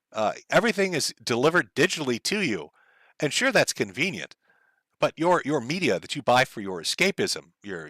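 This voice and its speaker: A man's voice: mid-range voice, pushed and bright, dry recording. A man hosting a livestream, ranting in a profane, heated, sarcastic way and reading out viewer messages. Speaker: livestream host.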